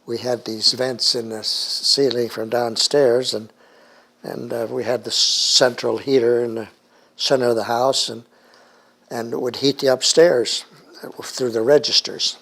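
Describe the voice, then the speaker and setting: An older man recalls his childhood in an oral history interview. His voice sits at a medium pitch, and he talks in halting, rambling stretches full of fillers. He comes from the United States. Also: fairly even intonation, gravelly, fairly bright tone.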